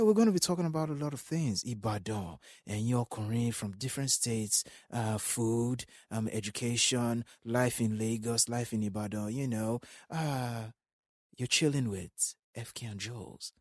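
A man's voice: mid-range voice, no echo, studio quality. A man doing a rowdy, playful spoken intro for a podcast. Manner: rowdy, playful hype talk. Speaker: intro hype voice. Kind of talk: hype intro.

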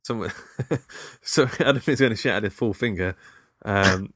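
British guy, low voice, rambling podcast chat, dry close sound. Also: normal speed, a bit bright, dry recording. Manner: rambling, laughs often, fillers. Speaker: podcast co-host. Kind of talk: casual chat recapping a film.

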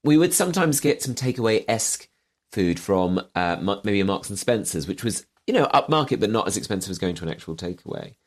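A man's voice: fairly low pitch, big pitch swings, a little fast. A man, a comedian, chatting casually in a wry, self-deprecating way about growing up. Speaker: comedian guest. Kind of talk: casual chat.

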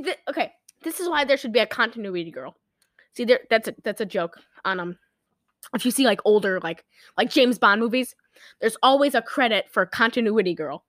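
A woman co-hosting a podcast, casually retelling a movie with animated storytelling and lots of fillers. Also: a little high, no echo, studio quality. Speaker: podcast co-host. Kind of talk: casual movie recap chat.

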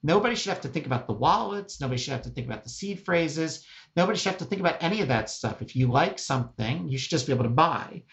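A middle-aged man speaking as an executive guest in a casual interview, emphatic and animated, often checking in with "right?". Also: on the high side, fast talker, lo-fi sound.

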